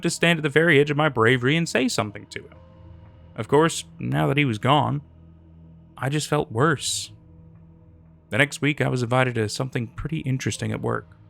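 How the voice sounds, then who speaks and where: A man narrating a first-person horror story in a measured, scripted way. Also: mid-range voice, vocal fry, fairly bright tone. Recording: narration over faint music.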